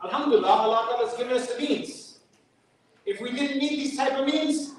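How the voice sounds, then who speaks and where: A man's voice: very high-pitched, fairly bright tone, slight background noise. A man with a New York accent giving a sermon at a mosque fundraiser, chatty and joking, with Arabic quotations. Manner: conversational preaching with joking asides and Arabic quotations. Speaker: guest speaker at a mosque fundraiser. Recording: echoey hall from far off.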